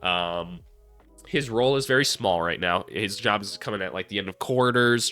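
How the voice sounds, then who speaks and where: A man's voice: lowish voice, pushed and bright. A man with a stuffy nose talking basketball in a blunt, profane, joking way. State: congested, stuffy from a cold. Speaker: basketball commentator, former college coach. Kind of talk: casual video commentary.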